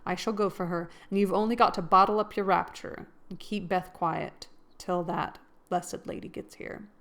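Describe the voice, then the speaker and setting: A woman's voice: lowish voice, fairly even intonation, normal speed, a bit bright. A woman doing a mischievous, eager young man. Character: cheerful, mischievous young man, kindly friend.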